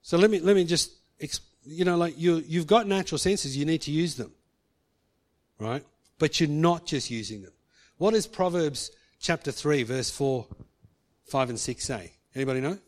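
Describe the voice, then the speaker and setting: A man with a slightly high voice preaches a sermon to a congregation. He tells a personal story and stops to ask the listeners questions. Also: moderate pace.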